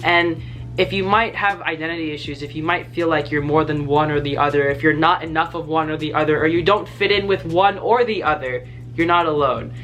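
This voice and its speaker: A man's voice: on the high side, brisk, fairly bright tone, faint music behind. An American man talking casually and enthusiastically to the camera in a vlog, rambling a bit with lots of fillers. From United States. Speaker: vlogger.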